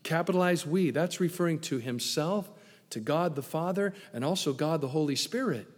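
A man preaching a sermon as pastor, playful and animated, dropping to hushed tones for emphasis. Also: fairly high pitch, moderate pace. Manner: animated, playful asides with sudden hushed drops. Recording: long echo of a large hall.

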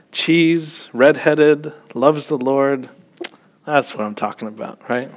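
Male preacher, unhurried delivery, chatty sermon style, peppers his teaching with light jokes and "okay?" checks. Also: mid-range voice. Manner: conversational, with joking asides and frequent "okay?" check-ins.

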